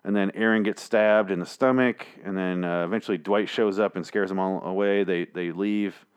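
A man's voice: low voice, fairly even intonation, normal speed, clean tone. A man hosting a solo podcast from a small studio, rambling through a casual recap with lots of swearing and jokes. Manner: rambling, profane, jokey. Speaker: podcast host. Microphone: headphones on, studio mic.

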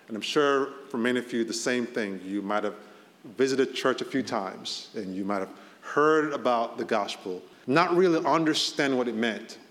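A man's voice: medium pitch, a bit bright. A man, a pastor, preaching a sermon in a conversational way, his voice rising to stress key points. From Boston area. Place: church hall. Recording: long hall reverb.

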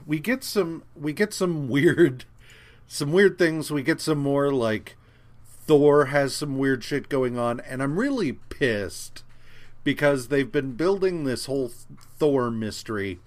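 A man's voice: mid-range voice, takes it slowly. A man co-hosting a podcast, recapping comic books in casual chat, rambling with lots of fillers, restarts and swearing. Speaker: podcast co-host.

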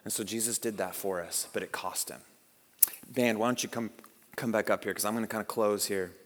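Pastor guy preaching, chatty and animated, lots of questions, big echoey church. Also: fairly low pitch, brisk. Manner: animated, conversational, with rhetorical questions. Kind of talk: sermon.

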